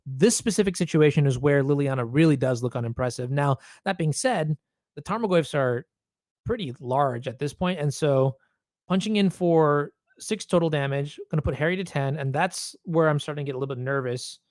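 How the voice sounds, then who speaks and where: A man's voice: fairly high pitch, moderate pace, a little mellow, dry recording, clean studio sound. A man commentating a card game tournament, explaining rules and plays with many fillers.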